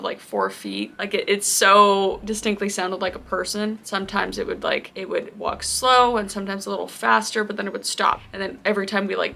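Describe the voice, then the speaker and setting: A woman vlogger telling a story casually, animated and chatty, laughing often. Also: medium pitch, vocal fry.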